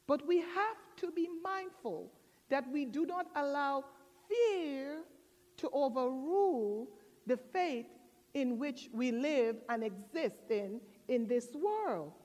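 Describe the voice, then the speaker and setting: A woman pastor preaching a sermon, telling stories with drawn-out, expressive emphasis. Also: high-pitched. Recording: long church reverb.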